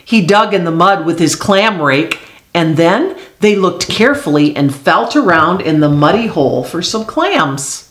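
A woman reading a children's picture book aloud, telling it in an expressive, unhurried way. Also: low-pitched. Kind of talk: storybook read-aloud. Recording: echoey room.

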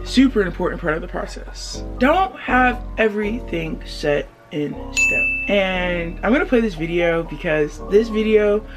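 A woman vlogging from her bed, giving encouraging self-care advice to the camera and calling viewers babe. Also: on the low side. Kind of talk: casual advice talk to camera.

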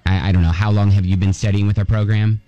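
A man's voice: lowish voice, little pitch movement, fast, highs cut off, loud music behind the voice, lightly acted. A man putting on a haughty male head of a French department on a prank call, with a condescending, stammering manner. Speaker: prank caller.

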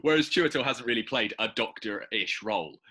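A man with a low, very bright and forceful but husky voice talks quickly on a podcast. He muses aloud in a lively, easygoing way. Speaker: podcast co-host. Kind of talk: casual chat.

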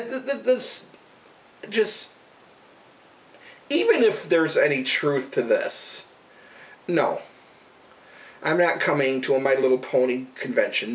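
Man, slightly high voice, rambling exasperated rant with lots of swearing, a bit off-mic. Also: animated, slow pace, long pauses, far from the mic, low-quality recording. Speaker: radio show regular and vlogger. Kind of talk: casual profane rant to camera.

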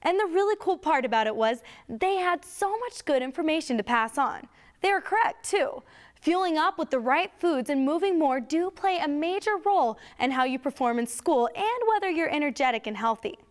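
Cheerleader woman hosting a school talk, high voice, wrapping things up. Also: expressive, normal speed. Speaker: cheerleader presenter. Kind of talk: school presentation.

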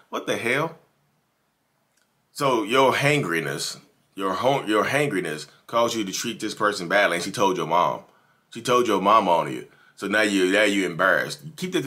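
Low-voiced, animated male vlogger. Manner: animated, emphatic, speaks straight to viewers. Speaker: YouTube commentator. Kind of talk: casual commentary vlog.

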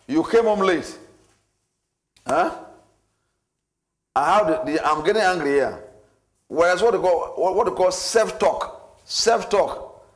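A man's voice: sits high, unhurried, long pauses. A man teaching a church marriage class, repeating himself and acting out everyday scenes as he lectures. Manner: repetitive, animated, acts out scenarios.

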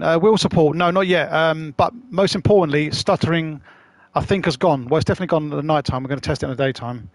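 Male streamer, slightly high voice, rambling slangy chat, swears now and then. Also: fast talker, hardly any pauses, no echo. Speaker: gaming streamer. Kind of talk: casual live-stream chat.

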